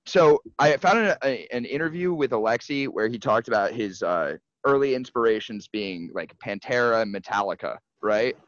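A man talking fast and loose as a podcast co-host, excitable and quick to swear, stumbling over restarts. His voice sits at an ordinary pitch. The sound is dry and a little muffled. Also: no echo. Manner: excitable, profane, rambling with restarts. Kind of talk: casual chat.

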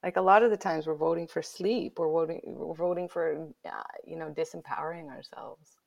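Speaking at a moderate pace in a deep, creaky voice, this female guest author shares a personal story conversationally. She keeps it lively, lowering to whispers whenever she voices her inner thoughts.

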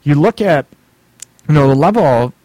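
Man, middle-aged, casual talk host, rambling, laughs a lot, very lively pitch, dry sound. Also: normal speed, no echo. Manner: laughs often, rambling and animated. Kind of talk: casual radio-style chat about relationships.

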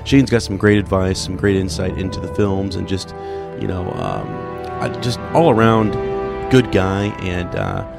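A man with a very low, gravelly voice opens the podcast episode in a relaxed, halting way, pausing on plenty of fillers. Music plays clearly beneath his words. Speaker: podcast co-host introducing the episode. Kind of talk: casual spoken intro.

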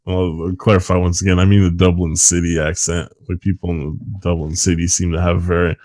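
A man's voice: low voice, level tone, a little fast, a little mellow, no echo. A man co-hosting a podcast who chats casually and rambles, swearing often and laughing at his own points. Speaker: podcast co-host. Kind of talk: casual chat about a film.

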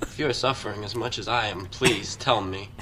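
A man putting on a low, petulant voice as a brooding young male Jedi turned villain in an improvised comedy sketch. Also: normal speed, crowd noise, close to an everyday voice. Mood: sulky. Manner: low, flat, petulant delivery. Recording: noisy recording.

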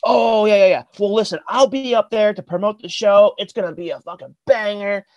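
A man's voice: high voice, a little fast, no room sound, highs cut off, voice pushed up, close to an everyday voice. A man voicing an overeager concert promoter who brushes off questions in a breezy, profane way.

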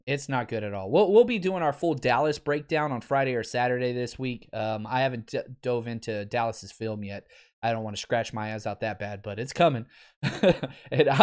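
A man in his thirties hosting a casual sports podcast, wry and exasperated, laughing often as he talks. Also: medium pitch. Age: 30s.

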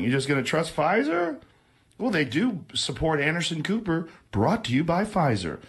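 A man's voice: on the high side, huge pitch swings, moderate pace, a little hiss or hum. A man ranting on a casual podcast, profane, mocking and combative. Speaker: podcast host.

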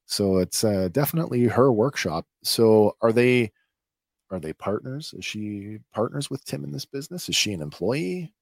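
A man hosting a podcast, recapping a TV episode in a conversational, halting way. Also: on the low side, lively intonation, gravelly, no room sound, studio quality. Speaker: podcast host.

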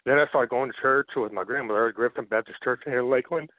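An earnest man speaking candidly and haltingly, his voice coming through a thin, narrow phone line. The sound is dry with no room around it. He tells his own story as a radio guest. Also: medium pitch, dry recording. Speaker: interview guest. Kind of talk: personal faith testimony on a phone-in radio show.

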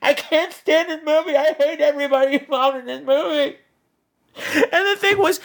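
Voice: high-pitched, moderate pace, gravelly. A podcast host giving a casual movie review in a sarcastic, exasperated rant.

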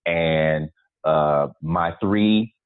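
Over a tinny, dry phone call, a guest actor in his forties chats casually, spinning stories with jokes and laughter. His voice is extremely low, clear, and resonant, and he speaks extremely slowly.

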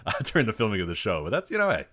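A man's voice: fairly low pitch, racing. A man on a podcast, chatting casually and animatedly, breaking into laughs. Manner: animated, laughs, does mock voices. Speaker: podcast co-host. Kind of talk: casual chat.

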